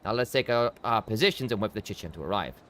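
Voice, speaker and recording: A man's voice: on the low side, expressive, fast, background noise, close to an everyday voice. A man reading game dialogue aloud, voicing a stiff, formal quest-giver briefing an ambush in a put-on accent.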